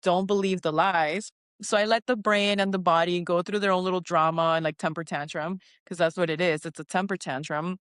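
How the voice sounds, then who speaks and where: A woman co-hosting a casual spiritual podcast, animated, laughing often and acting out her own inner voices. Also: on the low side, a little fast, few pauses, clean tone, dry recording, studio quality. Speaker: podcast co-host.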